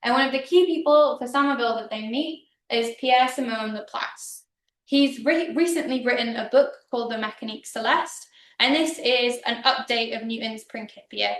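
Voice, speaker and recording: A woman's voice: on the high side, moderate pace, recorded from a distance. A woman lecturer giving a public history talk in a casual, chatty manner with frequent ums. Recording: roomy hall, speaker off-mic.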